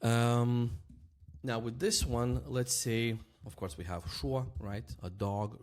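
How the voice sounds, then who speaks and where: A man teaching a language lesson in a relaxed, casual way, repeating example words slowly and often checking in with "right?". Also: fairly low pitch.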